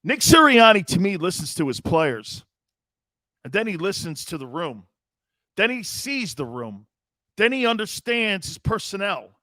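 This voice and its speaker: A man hosting a sports talk show, animated and joking as he talks. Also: high voice, a little slow, dry recording, studio quality. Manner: animated, joking, often laughing. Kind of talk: casual sports radio talk.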